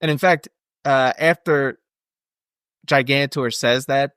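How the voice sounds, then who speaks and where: A man co-hosting a podcast, chatting casually about a film in a relaxed way and calling his friend dude. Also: medium pitch, slow pace, clean tone, no room sound, clean studio sound. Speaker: podcast co-host.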